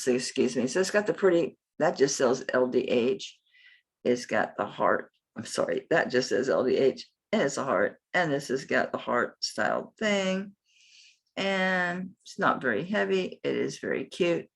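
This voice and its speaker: Here the older jewelry seller's voice sounds bass-deep with a breathy edge. On her live stream she wanders from thought to thought, muttering to herself and cursing lightly as she looks up items.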